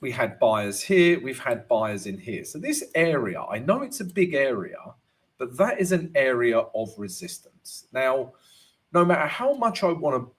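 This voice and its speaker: A man's voice: medium pitch, sing-song, unhurried. A man hosts a live chart-analysis stream in an easygoing, chatty way. His voice rises and falls a lot while he talks, and he takes his time. He keeps checking in with "right?" and greets viewers by name. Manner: peppers talk with "right?" and "you know". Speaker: forex trading analyst and host.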